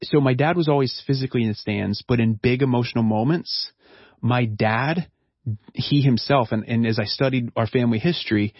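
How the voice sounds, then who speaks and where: A man's voice: medium pitch, dry recording, lo-fi sound. Earnest man telling his story, dry sound. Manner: earnest, reflective, halting restarts. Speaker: counselor and guest. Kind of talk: personal storytelling in an interview.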